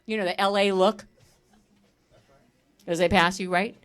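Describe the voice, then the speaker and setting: A middle-aged woman doing a stand-up comedy set on a stage, telling animated stories and breaking into laughter. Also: medium pitch, unhurried, clear, resonant tone. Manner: animated storytelling with bursts of laughter. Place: comedy stage at a live fundraiser.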